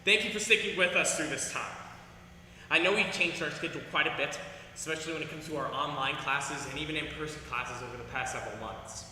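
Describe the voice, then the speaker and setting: A man's voice: a little high, fast, pushed and bright, a little hiss or hum. A young man leading an online martial arts class over a video call, coaching upbeat and giving commands. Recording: echoey hall sound from off-mic.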